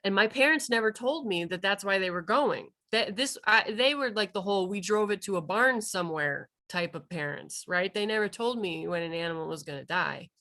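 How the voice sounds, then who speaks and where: Bright-voiced woman telling a lively story. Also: medium pitch, brisk, hardly any pauses. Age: 30s. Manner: lively storytelling, acting out quoted dialogue. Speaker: wildlife rehabilitator and vet tech presenter. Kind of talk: continuing education talk told as personal story.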